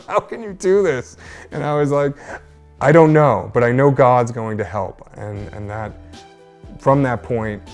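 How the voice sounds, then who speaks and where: A man with a low voice tells his personal faith testimony as an interview guest. He speaks earnestly and slips into the voices of the people he quotes. Soft music plays faintly underneath.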